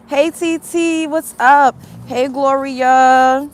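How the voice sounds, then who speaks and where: A woman's voice: on the high side, moderate pace, slight background noise. A woman hosting a casual livestream, chatting with viewers, greeting them by name and giving her opinions. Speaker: host of a livestream talk show.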